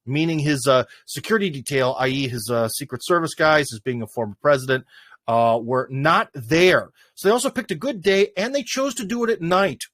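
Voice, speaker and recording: A man's voice: fairly high pitch, no echo. A man hosting a casual livestream, talking off the cuff in a rambling way with plenty of "uh" and "anyways". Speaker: livestream host.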